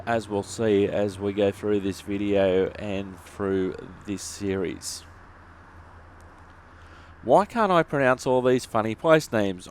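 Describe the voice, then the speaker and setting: A man's voice: on the low side, slight background noise. An Australian man hosting bus simulator gameplay, answering viewer questions with dry, joking humour. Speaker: YouTube gaming host.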